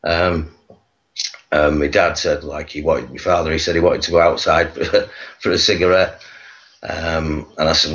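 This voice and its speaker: A man from England, a guest on a video call, telling his life story in a halting way full of pauses. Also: rumbling low, little pitch movement, a bit bright, dull audio. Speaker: guest, activist.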